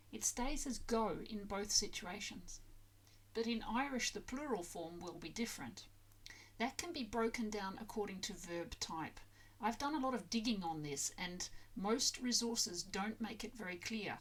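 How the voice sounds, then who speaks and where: A woman explaining grammar to learners in a patient, methodical way, spelling words out letter by letter. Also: mid-range voice. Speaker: language-learning video creator.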